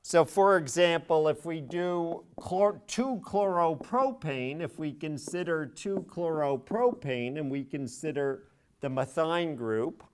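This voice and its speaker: A man's voice: fairly high pitch, slow pace, a little hiss or hum. A middle-aged man giving a university chemistry lecture, spelling out each step methodically and stressing key words. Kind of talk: classroom lecture.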